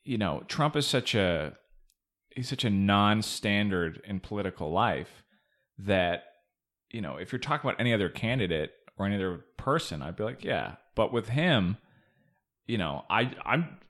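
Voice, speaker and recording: Male co-host, low voice, blunt, profane, animated political banter. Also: normal speed. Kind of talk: casual political chat.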